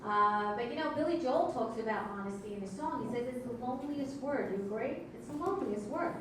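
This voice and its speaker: A woman's voice: fairly high pitch, lively intonation, a little fast, fairly bright tone, slight background noise. A woman, emceeing stand-up comedy in a club with wry, teasing crowd work. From Brooklyn, New York. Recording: echoey club audio from far off.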